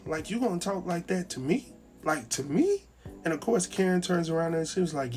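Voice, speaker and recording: A man's voice: high voice, normal speed, soft background music. Chatty man recapping a TV episode. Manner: chatty, animated, acts out characters' lines. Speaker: TV recap host. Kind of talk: casual recap commentary.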